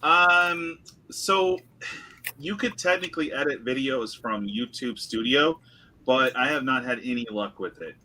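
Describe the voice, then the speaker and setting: A young man hosting a casual live stream chat, animated and laughing often. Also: mid-range voice, unhurried, slight background noise. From California. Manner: animated, laughs often, drinks and toasts viewers. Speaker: host.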